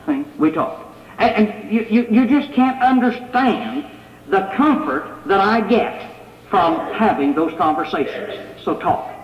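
A man preaches to his congregation in a conversational way, firing rhetorical questions at them. His voice sits very high for a man. The recording is dull and lo-fi, with a roomy church-hall echo. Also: expressive, takes it slowly. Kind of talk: sermon. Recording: echoey hall, dull lo-fi sound.

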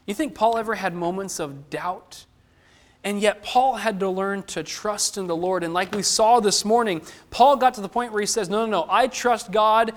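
A man's voice: sits high, normal speed. A man preaching a sermon, who asks the listeners questions and acts out the lines of the people he quotes.

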